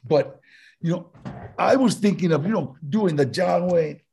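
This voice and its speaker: A man's voice: high voice, lively intonation, unhurried, gravelly, dark tone, husky. An older man, telling stories as a guest in a casual interview, rambling and laughing. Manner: rambling, laughing, full of "you know" and "man". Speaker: guest actor.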